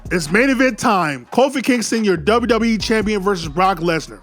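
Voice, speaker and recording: Excitable high-voiced man calling wrestling. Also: normal speed, few pauses, faint music behind. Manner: excited play-by-play, calling pins and counts. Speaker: YouTube wrestling commentator. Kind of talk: retelling an imagined wrestling match.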